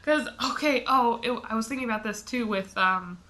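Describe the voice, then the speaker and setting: Young woman co-host from the US, casual and giggly, bright tone, pitched a bit high. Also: fairly quick. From United States. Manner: chatty, laughs often, lots of fillers. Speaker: podcast co-host. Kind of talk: casual chat.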